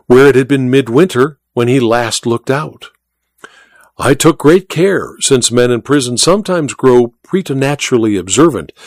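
A man's voice: mid-range voice, no echo, lightly acted. A man voicing a suave, scheming colonel in an audiobook reading, deferential and precise. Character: scheming male colonel, suave courtly torturer. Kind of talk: audiobook character voice.

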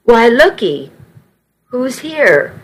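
A woman's voice: fairly high pitch, sing-song, drawn-out words, pitched above the performer's own voice, exaggerated voice, low-quality recording. A woman voicing a fussy grandmother in a nursing home, in a teasing manner. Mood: delighted.

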